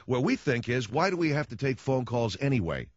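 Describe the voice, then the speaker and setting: A man's voice: medium pitch, very animated, fairly quick, dry recording, muffled recording. Wry male radio talk host. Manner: wry, sarcastic storytelling with acted-out quotes. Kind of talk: casual radio monologue. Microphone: studio microphone.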